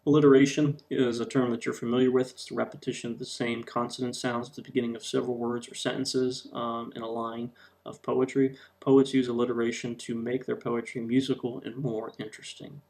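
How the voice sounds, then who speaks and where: A man's voice: medium pitch, little pitch movement, a little fast, darkish tone. A man teaching a recorded lesson over slides, explaining with frequent ums and uhs.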